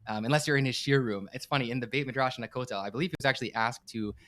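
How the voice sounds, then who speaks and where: A man's voice: medium pitch, racing, fairly bright tone. A man, a rabbi and guest on a podcast, telling a heartfelt story earnestly and emphatically, often repeating and restarting his words. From United States.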